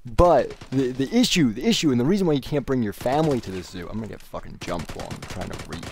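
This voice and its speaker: A man rambles through casual gameplay commentary as a gaming YouTuber, ranting and swearing freely. His pitch is mid-range for a man but swings widely as he gets worked up. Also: fast talker, creaky, hardly any pauses, slightly rough, dry recording. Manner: rambling, profane, animated ranting.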